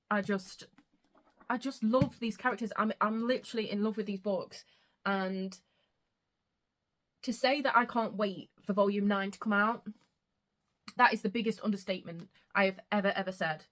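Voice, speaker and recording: A woman's voice: medium pitch, a bit bright. A young woman chatting casually about books she read, gushing and emotional, swearing freely. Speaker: book vlogger. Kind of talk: casual chat.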